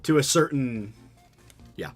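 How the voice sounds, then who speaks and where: A man's voice: medium pitch, animated, slow, faint music behind. A man livestreaming, chatting loosely with his audience while he studies a language. He rambles, restarts his sentences and repeats words. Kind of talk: casual chat with a live chat while studying a language.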